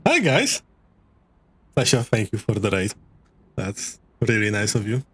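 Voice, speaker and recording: A man streaming a game live, chatting to his viewers in a rambling, halting way. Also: on the low side, fairly even intonation, a little hiss or hum.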